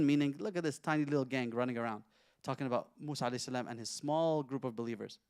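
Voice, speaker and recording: A man teaching a Quran class who speaks at a brisk, rapid clip. He keeps the lesson conversational, throwing questions out to his listeners and running through Arabic verses quickly. His voice sits at an ordinary middle pitch. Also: darkish tone, clear, resonant tone, dry recording, clean studio sound. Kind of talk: interactive religious lesson.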